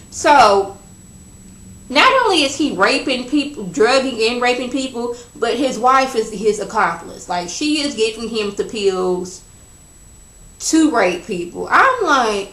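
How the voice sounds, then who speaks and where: A woman's voice: fairly high pitch, measured pace. Chatty woman recapping a TV episode. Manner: chatty, animated, gossipy retelling. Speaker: TV episode reviewer. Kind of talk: casual spoken recap. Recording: roomy echo.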